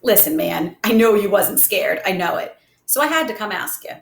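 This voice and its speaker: A woman's voice: mid-range voice, expressive, normal speed, vocal fry. A woman voicing a tough, streetwise boy who talks in boastful slang. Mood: brash. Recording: roomy echo.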